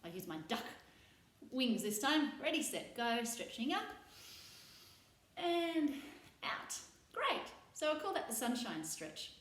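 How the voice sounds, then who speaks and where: A woman's voice: fairly high pitch, very animated, slow, long pauses, a bit bright. A woman hosting a children's playtime session, leading stretches and farm animal sounds in a playful, sing-song way. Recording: roomy echo.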